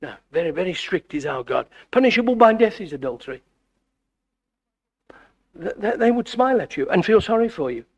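A middle-aged man preaching a sermon, animated and full of stammered restarts. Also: a little fast, long pauses, highs cut off. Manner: animated, wide swings in pitch and loudness, frequent stammered restarts. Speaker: visiting preacher.

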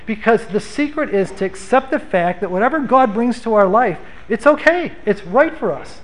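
A man's voice: high-pitched, animated, moderate pace, low-quality recording. A man preaching a sermon as pastor, in an earnest, conversational way with rhetorical questions.

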